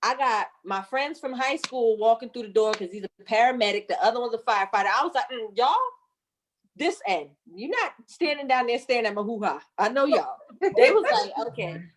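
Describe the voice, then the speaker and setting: Lively, laughing woman telling a story. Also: a little high, a little fast. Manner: lively, laughing, cussing, acts out voices. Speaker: guest mom telling a birth story. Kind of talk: animated storytelling with acted-out quotes.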